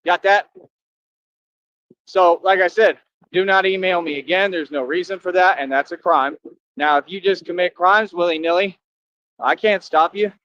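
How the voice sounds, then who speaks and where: High-voiced man ranting, dull dry sound. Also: moderate pace, long pauses, fairly bright tone. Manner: boastful, scolding, repetitive. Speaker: live streamer. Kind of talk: confrontational rant to viewers.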